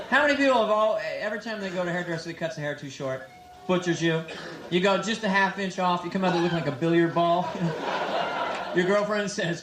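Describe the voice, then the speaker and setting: In an echoey nightclub thick with loud crowd noise, a San Francisco man in his twenties performs stand-up and teases the audience playfully. His voice is high and fairly quick.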